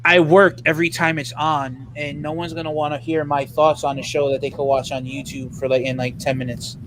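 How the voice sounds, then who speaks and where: A man's voice: on the high side, little pitch movement, fairly quick, noisy background. A man rambling casually with lots of fillers as a co-host. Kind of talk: casual chat.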